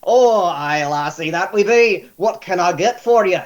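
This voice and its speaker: A man's voice: animated, measured pace, dull audio. A man voicing a jolly old male tavern keeper who talks in a hearty, folksy way. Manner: hearty, booming, folksy 'aye, lassie' talk.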